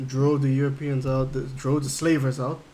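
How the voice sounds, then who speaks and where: A man's voice: medium pitch, level tone, moderate pace, mellow. A man livestreaming a game, chatting casually and rambling as he thinks aloud while reading chat. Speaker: game streamer.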